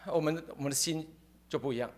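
A man preaching a sermon in short phrases, animated and emphatic, often repeating his words. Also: on the high side, quick pace. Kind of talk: sermon with live interpretation.

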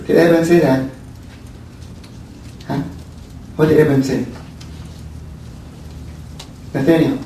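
A man teaches a Bible study sermon in a slightly high voice, ending his sentences with "huh?" or "yeah?" and restarting phrases. He is picked up from a distance in a very echoey room with faint noise underneath. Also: steady tone, slow, long pauses, mellow. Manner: tags questions with "huh?" and "yeah?", repeats words. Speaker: church teacher.

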